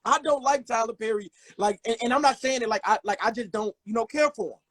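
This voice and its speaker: A man hosting a casual talk, emphatic and sometimes dropping into a low, earnest tone. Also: fast, fairly bright tone, dry recording. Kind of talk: casual chat.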